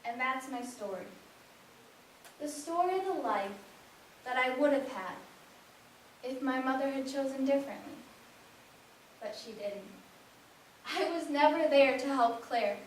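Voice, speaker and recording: A woman telling an emotional first-person story in a tender, unhurried way, heard in an echoey room from far off. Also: high voice, a bit bright, slight background noise. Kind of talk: performed spoken-word story.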